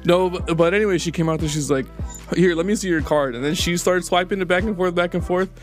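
A man's voice: high voice, quick pace, faint music behind. Rambling young man telling stories. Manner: rambling storyteller, swears often, laughs at himself. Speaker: podcast co-host. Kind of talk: casual chat.

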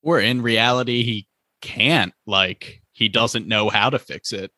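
Bright-voiced man musing in casual chat. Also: fairly low pitch, measured pace, dry recording, clean studio sound. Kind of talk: casual show recap chat.

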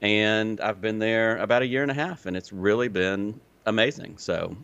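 A man in his forties with a mixed Southern US and Midwestern accent, telling his story as a podcast guest in a relaxed, clearly enunciated way. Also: lowish voice, moderate pace, no room sound, lo-fi sound. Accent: Southern US with a Midwestern touch. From Illinois, raised in Alabama. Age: 40s. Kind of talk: casual interview chat.

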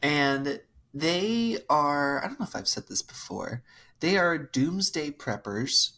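Low husky woman on a podcast, wry amused storytelling, lots of asides. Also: expressive, takes it slowly, a bit bright. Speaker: podcast co-host. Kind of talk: casual chat, telling a family story.

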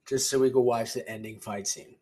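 A young man hosts a podcast on his own, rambling through laid-back, profane stories in a casual monologue. His voice is medium-pitched, mellow, and husky.

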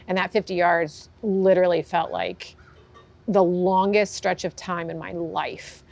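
Low-voiced woman telling a candid story. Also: lively intonation, unhurried, creaky, a little mellow. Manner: candid storytelling, acts out quotes. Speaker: horse trainer, guest. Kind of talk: conversational interview.

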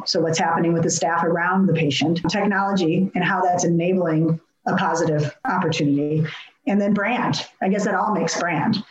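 A woman's voice: mid-range voice, roomy sound, low-quality recording. A woman speaking earnestly and reflectively in an interview, explaining her design approach with frequent restarts. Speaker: healthcare architect guest. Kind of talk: conversational interview.

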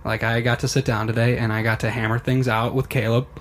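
A man's voice: medium pitch, little pitch movement, fast talker, a little hiss or hum. Rambling upbeat young man chatting. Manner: rambling, upbeat, trails off mid-word. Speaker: podcast co-host. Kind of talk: casual chat.

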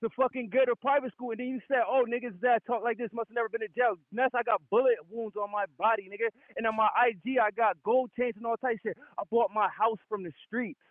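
A high-voiced man argues his point hard and won't let anyone cut in, cursing freely. His voice comes through a thin, phone-like line. The sound is dry and close. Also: fairly even intonation, fast talker, few pauses, no room sound. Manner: insistent, swears a lot, cuts off rebuttals. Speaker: boxing podcast co-host. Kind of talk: heated debate, profane.

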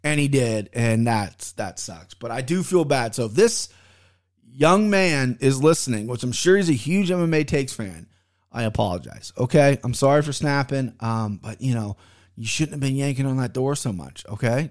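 A young man hosting a podcast, telling a story in casual, profane chat with sudden loud outbursts. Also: mid-range voice, expressive, moderate pace. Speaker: podcast host.

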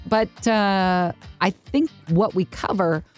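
A woman's voice: medium pitch, slow, darkish tone, soft background music. A woman co-hosting a faith podcast, explaining church history in a chatty, easygoing way. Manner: chatty, explanatory, laughs easily. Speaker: podcast co-host. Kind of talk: casual faith podcast chat.

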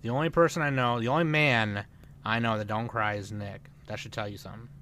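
A man co-hosting a podcast, ranting loudly and profanely, swinging between shouting and muttering. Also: lowish voice, steady tone, a little fast, slight background noise. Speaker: podcast co-host. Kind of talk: casual chat.

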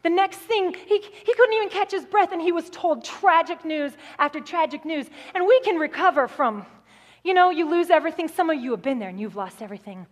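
A woman guest speaker preaching a sermon, telling the story with animated, acted-out voices. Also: extremely high pitch, a little fast, in a large hall.

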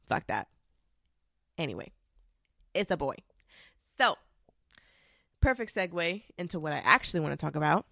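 A young woman vlogging, ranting bluntly and profanely in a casual, animated way. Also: fairly low pitch, normal speed, gravelly, long pauses, no room sound, studio quality. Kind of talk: casual rant to camera.

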